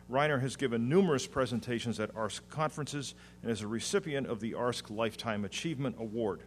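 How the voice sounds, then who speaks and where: A man introduces a conference speaker, reading his prepared notes in an even, mid-pitched voice. A faint hum runs under his voice. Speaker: conference host.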